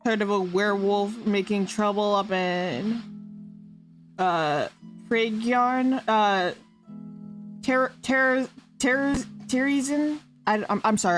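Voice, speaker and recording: A woman's voice: medium pitch, takes it slowly, soft background music. A woman streamer doing giggly, playful improvised role-play, stumbling over made-up fantasy names.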